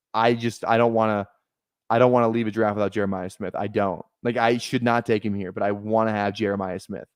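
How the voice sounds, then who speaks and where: A man's voice: lowish voice, clear, resonant tone, no room sound. A young man casually commenting on a live fantasy football draft stream, rambling, repeating himself and swearing freely.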